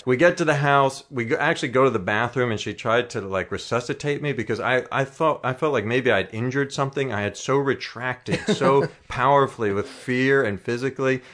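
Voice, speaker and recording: A man's voice: medium pitch, a little fast, fairly bright tone. A man telling a rambling, self-mocking personal anecdote, laughing through his telling. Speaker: storyteller.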